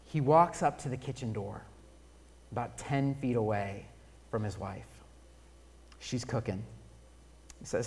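Slow, deliberate male preacher. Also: medium pitch, animated, husky. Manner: storytelling preacher, swinging between loud emphasis and near-hushed delivery. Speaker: pastor. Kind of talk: sermon.

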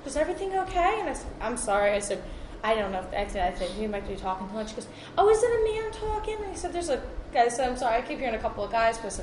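A woman rattles through a story from her EMS work at a quick clip, quoting partners and patients as she goes. The room is echoey and there is steady noise in the background. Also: mid-range voice. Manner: animated, quotes others in lively voices. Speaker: EMS worker. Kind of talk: casual storytelling.

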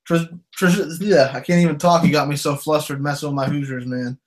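A man's voice: fairly high pitch, steady tone. A man co-hosting a casual sports podcast, easygoing and teasing, with many "you know" fillers. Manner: laid-back, joking, drawn-out fillers. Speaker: podcast co-host.

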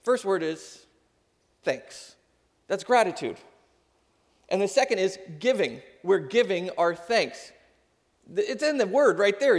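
A man in his thirties preaches in a relaxed, conversational way, his voice sitting a little high for a man. It carries the long reverb of a large hall. He moves easily between plain teaching and quick asides. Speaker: pastor. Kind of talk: sermon. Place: church sanctuary.

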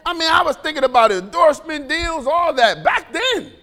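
A man preaching a sermon in a church, animated and joking, often laughing as he talks. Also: extremely high pitch, normal speed, few pauses, in a large hall. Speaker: pastor.

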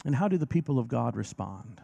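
Man, pastor, sermon, gravelly voice, gentle, reassuring. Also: mid-range voice, very animated, dull audio. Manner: gentle, reassuring, slows down for emphasis.

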